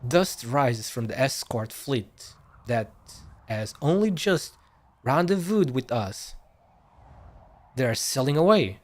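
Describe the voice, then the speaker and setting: A man's voice: medium pitch, animated, slow. A male streamer reading game dialogue aloud, stumbling over words and correcting himself as he goes.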